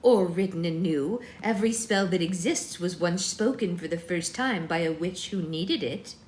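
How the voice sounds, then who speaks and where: A woman doing a stern ancient witch crone, the voice of an old woman who has outlived libraries, slow, grave and commanding. It is a storybook reading with a bit of roomy echo around it. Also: fairly low pitch, a little mellow, a little hiss or hum, close to an everyday voice.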